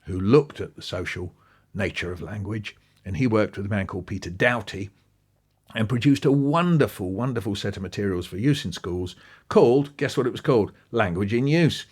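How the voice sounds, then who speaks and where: A man, an interview guest talking with lively enthusiasm and acting out bits of what he describes. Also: lowish voice, moderate pace, husky. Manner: animated, quoting and acting out passages. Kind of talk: podcast interview.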